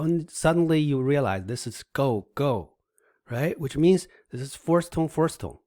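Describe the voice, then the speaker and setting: A man's voice: on the high side, lively intonation, unhurried, warm tone, no room sound, studio quality. A man giving an online language lesson, patiently demonstrating tones by humming and repeating sing-song syllables, often checking in with "right?". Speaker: language teacher.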